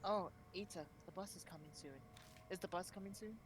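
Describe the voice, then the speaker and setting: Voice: medium pitch, fairly quick, close to an everyday voice. Small polite girl out at night read by a player, faint hiss behind. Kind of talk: voicing a visual novel live.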